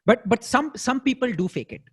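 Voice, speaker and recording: A man's voice: extremely high pitch, sing-song, brisk, husky, dry recording. A man in his late twenties with an Indian accent, hosting a casual podcast chat in a blunt way, swearing freely and often restarting. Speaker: podcast host.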